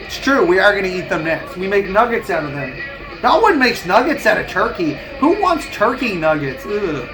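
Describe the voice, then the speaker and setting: A man's voice: high-pitched, animated, moderate pace, music in the background, low-quality recording. A man on a live stream, chatting casually and ranting with heavy swearing and frequent laughs. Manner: profane, ranting, laughs often. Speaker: livestreamer.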